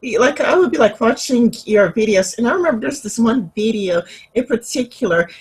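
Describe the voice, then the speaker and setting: A woman's voice: on the high side, animated, brisk, husky, poor audio. A woman interviewing casually, chatty and loose, filling her talk with "like" and "you know". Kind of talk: casual chat.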